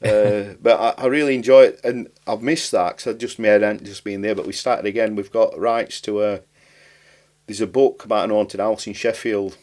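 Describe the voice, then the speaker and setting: Steady in tone and moderate in pace, this man's lowish, slightly mellow voice carries a Barnsley accent. A writer and comedian from that English town, he rambles casually as a podcast guest, speaking broad dialect and dropping words.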